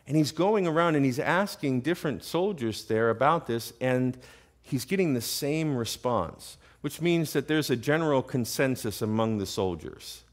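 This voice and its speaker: A man's voice: mid-range voice, expressive, moderate pace. A man preaching an evening sermon in a church, rising to emphatic questions.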